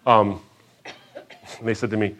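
Animated man telling a personal story. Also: unhurried, a little hiss or hum. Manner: animated storyteller, jumps higher and louder when acting out what people said; drops low and quiet on emotional moments. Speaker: speaker sharing his personal faith story. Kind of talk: personal storytelling testimony to a live audience.

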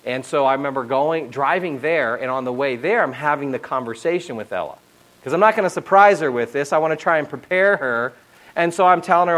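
A middle-aged male pastor preaches in a slightly high voice. He tells stories in an animated way and often checks in with the congregation. His delivery is lively and conversational. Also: a little fast, low-quality recording. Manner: animated storytelling with asides to the audience. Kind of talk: sermon.

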